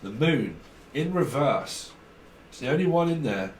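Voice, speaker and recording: A man's voice: medium pitch, expressive, unhurried, roomy sound, recorded from a distance, a little hiss or hum, low-quality recording. A man giving a casual tarot reading, rambling and blunt, swearing freely. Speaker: tarot reader.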